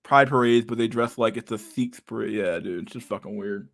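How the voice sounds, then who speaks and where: A man's voice: fairly low pitch, fairly quick, creaky, a bit bright. A man hosting a casual livestream, reacting to memes with loose, profane talk and frequent laughter.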